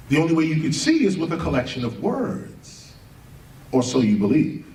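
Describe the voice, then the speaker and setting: Animated man lecturing in a roomy space. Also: on the high side. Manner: emphatic, rhetorical questions, spells out words letter by letter. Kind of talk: spoken lecture to an audience. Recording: roomy, distant mic, faint background ambience.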